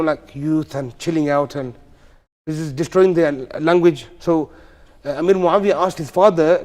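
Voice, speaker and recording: A man's voice: fairly high pitch, darkish tone. Man teaching in an echoing mosque hall. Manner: chatty, asks the class questions, slangy asides. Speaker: tajweed teacher. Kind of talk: informal classroom storytelling. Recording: long reverb of a mosque hall.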